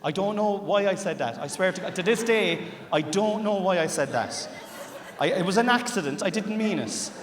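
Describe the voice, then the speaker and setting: A man's voice: sits high, lively intonation, normal speed, far from the mic. A man in his thirties with a Cork Irish accent, telling a stand-up story to a live audience and acting out both sides of a conversation. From Ireland. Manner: chatty storytelling with acted-out dialogue. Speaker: stand-up comedian. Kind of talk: stand-up comedy. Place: large theatre stage with live audience. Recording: echoey theatre with long reverb. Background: audience laughter.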